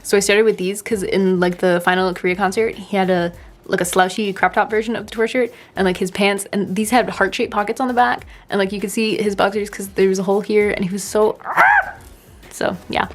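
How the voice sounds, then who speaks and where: A woman's voice: medium pitch, steady tone, brisk. Rambling, giggly young woman. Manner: rambling, giggly, self-deprecating. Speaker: artist giving a sketchbook tour. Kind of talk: casual chat.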